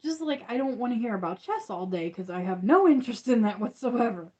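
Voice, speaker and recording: A woman's voice: a little high, expressive, brisk, a little mellow. A woman hosting a crochet channel, chatting casually on a livestream, rambling and restarting with lots of fillers.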